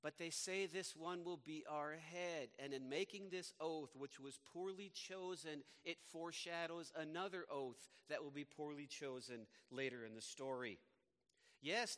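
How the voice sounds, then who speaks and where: Male pastor, sermon, slow measured delivery, slightly high voice, long church reverb. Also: fairly bright tone, clean tone. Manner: slow, measured scripture reading and preaching. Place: church sanctuary.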